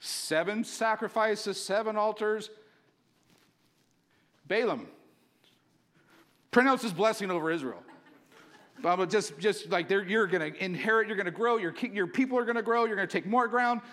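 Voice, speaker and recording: Animated high-voiced male pastor. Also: normal speed, pauses often. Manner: animated, casual storytelling with many likes. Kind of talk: sermon.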